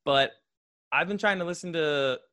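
A man's voice: fairly high pitch, normal speed, bright, forceful tone, clean tone, no room sound, clean studio sound. A young man from Florida co-hosting a podcast, rambling with lots of fillers in casual chat. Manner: rambling, filler-heavy, laughs often. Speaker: podcast co-host.

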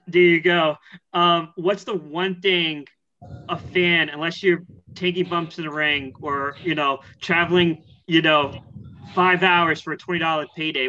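A man's voice: on the high side, steady tone, normal speed, pushed and bright, lo-fi sound, slight background noise. A man hosting a casual podcast, asking questions with hesitant fillers. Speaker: podcast host.

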